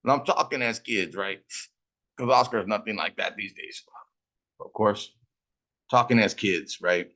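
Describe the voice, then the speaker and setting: A man's voice: lowish voice, a little slow, pauses often, sharp tone. A middle-aged man from Fresno, California, telling stories casually while smoking, profane, boastful and full of slang. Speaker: host.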